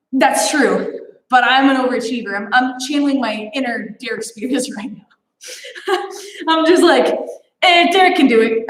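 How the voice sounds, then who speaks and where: A woman's voice: sits high, fairly bright tone. A young woman teaching an online martial arts class from her home training space, chatty and playful, laughing often. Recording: very echoey room.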